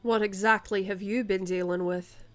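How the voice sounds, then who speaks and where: A woman's voice: medium pitch, steady tone, normal speed. A woman running a tabletop game as game master, describing scenes in a rambling way with frequent fillers and restarts. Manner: rambling, hesitant, many fillers and self-corrections.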